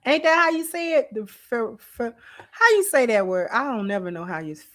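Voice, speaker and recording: A middle-aged woman, hosting a casual livestream and talking straight to her viewers in an animated, drawling way. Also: on the high side, moderate pace. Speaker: channel host.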